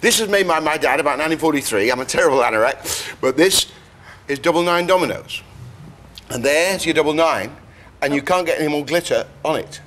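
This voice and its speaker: An older man explains things with real animation, his voice leaping up and down as he demonstrates sounds. He sits a little high in pitch for a man and talks in a lively, teacherly way. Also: brisk. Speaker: science explainer guest.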